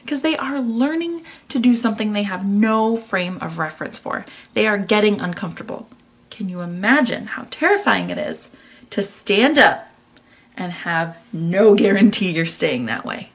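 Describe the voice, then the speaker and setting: A woman's voice: mid-range voice, expressive, normal speed. A woman hosting her own podcast, giving a candid, chatty motivational talk that is playful and laced with mild swearing. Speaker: podcast host. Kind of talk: casual motivational monologue.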